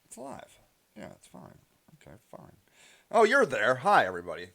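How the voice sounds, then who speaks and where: A man's voice: medium pitch, moderate pace, creaky. A man hosting a casual livestream, reading comments aloud with sarcastic, indignant asides. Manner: animated and sarcastic, with indignant outbursts. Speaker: livestream host.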